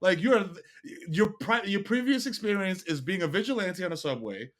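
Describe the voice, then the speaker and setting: A man's voice: high-pitched, expressive, normal speed, a bit bright. A man, a podcast guest, telling stories in a casual, slangy way, swearing often and putting on other people's voices. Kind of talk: casual chat.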